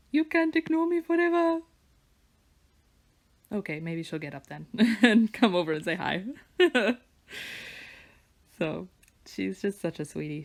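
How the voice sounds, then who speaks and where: A woman with a lowish voice and a gravelly fry chats away as she draws. She meanders from story to story and drops into soft murmurs as she works. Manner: chatty and meandering, drifting into soft murmurs while working. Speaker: digital artist and vlogger. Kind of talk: casual chat while drawing. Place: home studio with her dog nearby.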